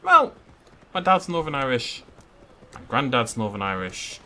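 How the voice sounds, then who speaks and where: A man's voice: mid-range voice, sing-song, moderate pace, creaky, sharp tone, slight background noise. A man chatting and joking as he plays through a video game, thinking aloud as he goes. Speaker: gaming YouTuber. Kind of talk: let's play commentary.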